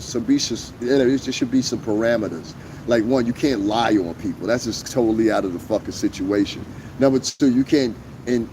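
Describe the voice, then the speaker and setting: A man's voice: medium pitch, darkish tone, slight background noise. A man ranting on a live stream, blunt and profane, repeating his points for emphasis. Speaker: YouTube streamer. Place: outdoors on a lawn.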